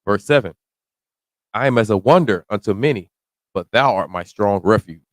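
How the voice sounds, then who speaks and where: The recording is dry as a lowish, expressive male voice works through a psalm one verse at a time, close to the mic in a deadened room. Slow, deliberate readings of the ancient text give way to slangy, everyday explanations that occasionally become shouting.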